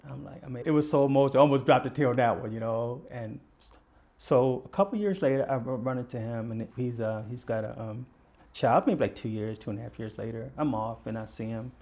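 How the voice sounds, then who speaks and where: Fairly quick and a little mellow, his mid-range voice carries conversational tales from his days as a Baltimore police detective, now retired. The older guest performs each character's lines with vivid flair.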